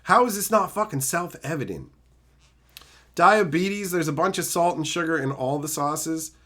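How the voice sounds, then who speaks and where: A man streaming live, ranting loudly with constant swearing and insults, reading and mocking chat comments. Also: a little high, lively intonation, moderate pace. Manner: loud, swearing, insulting rants; reads chat comments aloud and mocks them. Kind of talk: profane livestream rant.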